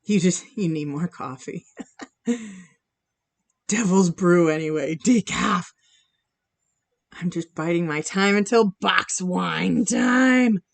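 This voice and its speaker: A woman's voice: on the low side, takes it slowly, pauses often. A woman hosting a charity live stream, chatting casually and giggling as she reacts to viewers' comments while she paints. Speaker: charity livestream host. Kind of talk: casual chat with chat readers.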